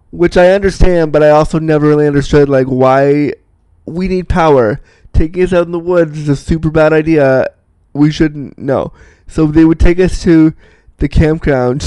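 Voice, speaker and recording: A young man telling a personal story in a casual, animated, self-mocking way, laughing often. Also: fairly high pitch, smooth, no room sound.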